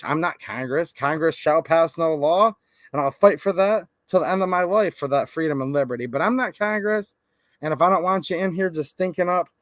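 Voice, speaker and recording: A man's voice: a little high, dry recording. A man hosting a gun channel, venting and chatting casually with lots of "like", in his thirties. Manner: rambling, laid-back, lots of "like".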